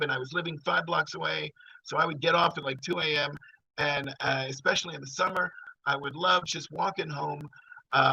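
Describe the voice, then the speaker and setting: Gravelly, bright-voiced middle-aged man telling a story. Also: fairly high pitch, slight background noise, poor audio. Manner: rambling, conversational, full of fillers. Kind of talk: personal storytelling.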